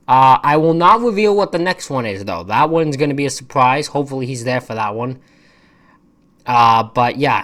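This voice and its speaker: A man's voice: a little high, fairly bright tone. A man giving a casual, rambling wrestling-show recap, full of opinionated and exasperated asides. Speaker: wrestling reviewer.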